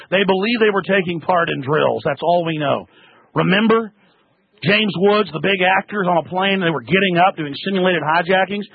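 A furious male radio host with a gravelly, husky voice pitched very high. He berates callers in a rapid, shouting tirade. The sound is dry and narrow, like a radio broadcast heard down a phone line. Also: no echo. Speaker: radio talk show host. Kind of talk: ranting political talk radio.

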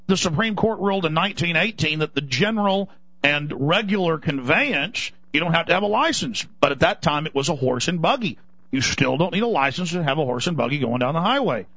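A high-pitched, bright-voiced man rants urgently on talk radio, indignant and insistent. The sound is dry and close but muffled and lo-fi, like an old radio broadcast. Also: expressive, brisk, breathy edge, no room sound. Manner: urgent, indignant ranting with mocking put-on voices. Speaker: radio talk show host.

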